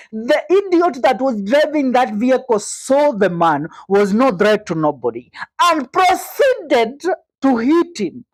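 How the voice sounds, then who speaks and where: A woman's voice: high-pitched, sing-song, unhurried, dry recording. Indignant Kenyan woman commentator. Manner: indignant, rhetorical, switches to Swahili. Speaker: news commentator. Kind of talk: opinionated news commentary.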